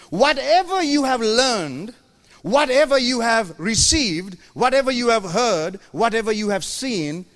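A pastor preaching a sermon in a church, animated and playful, acting out his congregation's voices and teasing the crowd. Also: very high voice.

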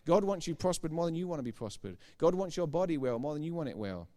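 In a fairly high, mellow, sing-song voice at a quick pace, a middle-aged pastor delivers his sermon. He is emphatic and informal, repeating key phrases and tossing chatty asides to the congregation.

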